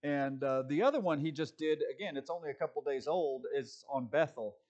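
Male pastor, higher voice, impassioned and sarcastic in casual commentary. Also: brisk, darkish tone.

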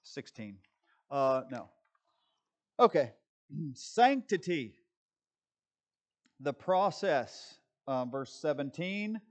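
Pastor, a man preaching with quick rhetorical questions. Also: a little high, sing-song. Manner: asks rhetorical questions and answers them; wry, joking asides. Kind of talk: sermon.

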